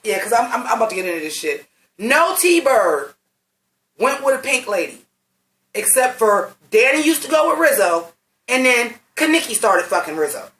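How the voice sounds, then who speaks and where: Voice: medium pitch, lively intonation, brisk, pushed and bright. A blunt, profane movie reviewer in their late thirties, talking in a rambling, emphatic, casual way. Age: late 30s. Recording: roomy sound from a distant mic.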